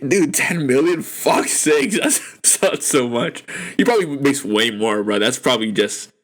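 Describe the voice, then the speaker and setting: Excitable, profane young podcast host. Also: male voice, lowish voice, vocal fry. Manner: excitable, profane, lots of "dude" and "bro". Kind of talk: casual podcast commentary.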